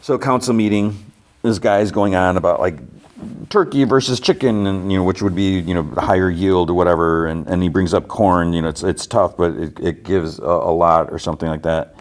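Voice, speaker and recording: A man's voice: low voice, fairly even intonation, moderate pace. A man hosting a podcast, casually retelling a TV episode scene by scene, quoting the characters loosely and adding his own asides. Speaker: podcast host.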